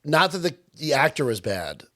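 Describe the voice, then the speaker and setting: A man's voice: fairly high pitch, normal speed. A young man from Long Island, co-hosting a casual podcast and chatting with lots of fillers. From Long Island, New York. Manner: animated, chatty, with many fillers. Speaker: podcast co-host. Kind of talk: casual chat.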